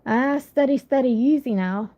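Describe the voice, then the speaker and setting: A woman's voice: high-pitched, normal speed. A woman voicing a fat, clumsy farmhand who coaxes breathlessly in a storybook reading. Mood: coaxing. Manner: coaxing, panting. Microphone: phone. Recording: lo-fi phone recording.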